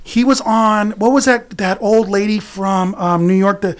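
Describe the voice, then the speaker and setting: A man's voice: sits high, a little slow. Rambling profane man telling a bar story. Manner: rambling, profane, many restarts. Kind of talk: casual storytelling chat.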